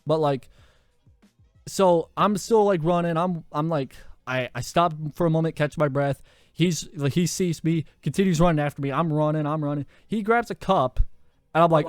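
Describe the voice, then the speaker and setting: A young man hosting a podcast, telling a story in a loud, animated way and swearing often. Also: fairly high pitch, moderate pace, clear, resonant tone, dry recording, clean studio sound. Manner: animated, swears a lot, laughs through his story. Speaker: podcast host. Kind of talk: casual storytelling.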